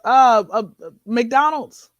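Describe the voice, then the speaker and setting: High-voiced sassy woman comedian. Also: slow, dry recording, lo-fi sound. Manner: animated, preachy, sassy asides like "honey" and "okay?". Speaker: comedian guest. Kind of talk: casual interview chat.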